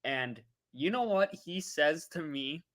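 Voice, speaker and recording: A woman vlogger telling a travel story in a casual livestream, animated and laughing as she talks to her viewers. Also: low voice, slow.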